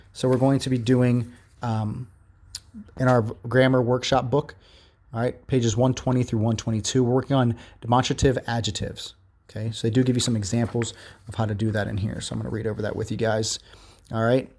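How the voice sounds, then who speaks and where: A man teaching grammar to his class, reading workbook examples aloud and then walking through them in a patient, repetitive way. His pitch sits at an ordinary middle height for a man, and he keeps checking in with "okay?" and "all right?". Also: darkish tone.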